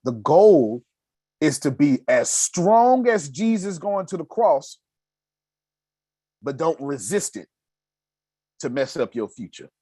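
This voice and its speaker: Brief: raspy male business mentor, emphatic and slangy, husky, dry close sound. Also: a little high, sing-song, takes it slowly, long pauses, dark tone, no echo. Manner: emphatic, rhetorical questions, casual slang. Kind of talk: motivational teaching.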